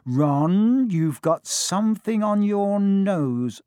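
A man's voice: sits high, lively intonation, drawn-out words, warm tone, clean tone, no echo, clean studio sound, voice pushed up, exaggerated voice. A man doing a fussing motherly woman.

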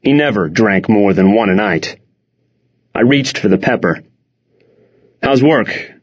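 A man narrates a first-person audiobook, wry and expressive. His pitch moves a lot, with lively rises and falls. The recording is dull and lo-fi. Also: normal speed.

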